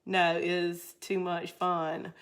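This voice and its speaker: A woman's voice: on the low side, completely flat delivery, slow. A woman from the Southern United States with a Southern drawl, chatting casually and laughing as she crafts and reads viewer comments. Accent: Southern American. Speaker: craft video host.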